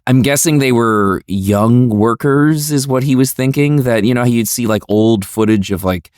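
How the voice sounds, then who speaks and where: A man's voice: mid-range voice, moderate pace, no echo, clean studio sound. A man chatting casually on a podcast, telling stories and acting out quotes with energy. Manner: animated storyteller, acts out quotes. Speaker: podcast panelist. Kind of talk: casual chat.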